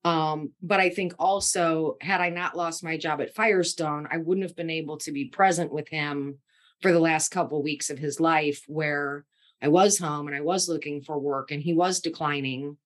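Podcast guest: a middle-aged woman, candid and tender, with a fairly low voice for a woman. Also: steady tone, moderate pace. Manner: tender, candid, acts out quoted speech. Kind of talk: emotional personal storytelling.

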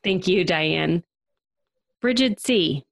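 A woman's voice: on the low side, animated, slow pace, creaky. A woman hosting a podcast, encouraging and supportive toward callers. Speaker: host.

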